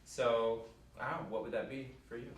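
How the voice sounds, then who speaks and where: A man coaching a young singer, lively and quick to laugh as he acts out the song's lines. He sounds distant in a roomy, echoing hall with noise underneath. His pitch sits in an ordinary middle range. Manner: animated, laughing, acts out lines while giving feedback. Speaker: master class coach. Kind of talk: coaching a singer in a master class. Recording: echoey hall, distant mic, background noise.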